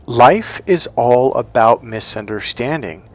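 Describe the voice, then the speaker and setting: A man speaking as a relationship coach in a motivational monologue, telling stories with animated delivery. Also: mid-range voice, slow, soft background music. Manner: animated storytelling, acting out dialogue.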